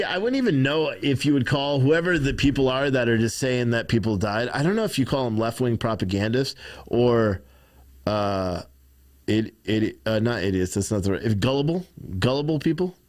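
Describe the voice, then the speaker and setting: Male stream host, middle pitch, rambling and irritated, reads chat and swears. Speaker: livestream host. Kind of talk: casual livestream commentary.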